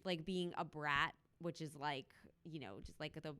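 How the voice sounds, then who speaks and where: A woman's voice: deep voice, animated, normal speed, few pauses, bright, forceful tone, smooth. A woman co-hosting a podcast, chatting casually and laughing often as she rambles through anecdotes. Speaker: podcast co-host. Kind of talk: casual chat. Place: live show in a loft venue.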